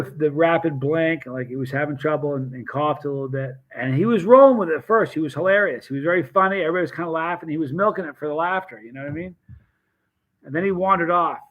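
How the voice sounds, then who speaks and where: A man hosting a casual live stream, telling animated stories with restarts and acted quotes. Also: a little high, phone-quality sound. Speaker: hot sauce seller and channel host.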